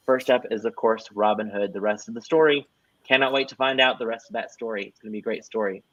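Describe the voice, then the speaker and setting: A man's voice: fairly low pitch, fast talker, a bit bright, no room sound, highs cut off. A man hosting a casual livestream interview, upbeat and rambling, chuckling often as he promotes upcoming shows. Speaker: host.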